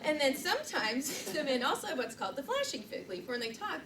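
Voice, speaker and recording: A middle-aged woman leads a live training session in a chatty, self-deprecating way, her voice sitting a little high. She is picked up from a distance in an echoing meeting room, with noise underneath. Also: very animated, fairly quick. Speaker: public speaking trainer. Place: meeting room, recorded from the back. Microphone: far camera mic. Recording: roomy, distant and noisy room recording.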